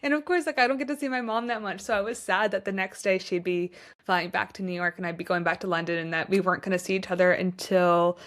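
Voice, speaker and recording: A young woman from the United States runs her own podcast, her lowish, slightly bright voice talking fast but steady. She's heartfelt and effusive, chatting casually and dropping "like" constantly.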